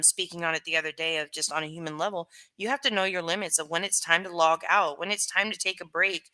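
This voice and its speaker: A woman's voice: fairly low pitch, pushed and bright, smooth. A young woman hosting a casual livestream, reading chat and rambling frankly with lots of "like" and "you know".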